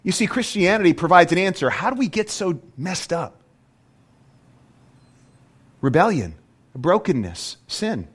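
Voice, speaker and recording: A man preaching a sermon as a pastor, animated and full of rhetorical questions. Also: high-pitched, measured pace, pauses often, husky.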